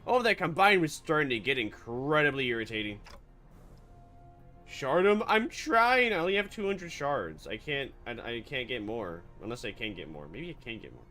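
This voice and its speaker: Lively, joking male game streamer. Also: medium pitch, normal speed, faint music behind. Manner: animated, joking, sarcastic, laughs often. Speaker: VTuber streamer. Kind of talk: let's-play commentary and reading narration aloud.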